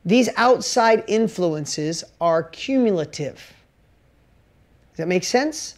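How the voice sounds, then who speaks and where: A woman business coach gives a motivational talk to a course audience in a fairly low, animated, slow voice. She speaks emphatically and directly to her listeners, asking plenty of rhetorical questions.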